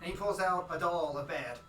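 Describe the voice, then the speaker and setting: A man's voice: high-pitched, moderate pace, pushed and bright. A man narrating a tabletop game as game master, in a rambling way full of restarts. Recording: roomy, from far off. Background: music.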